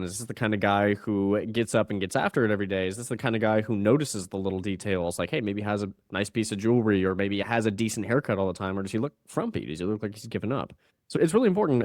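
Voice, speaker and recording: A man's voice: on the low side, a little mellow, dry recording, clean studio sound. A man appearing as a podcast guest who coaches men in communication, explaining his points energetically and acting out the voices he quotes. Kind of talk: casual podcast conversation.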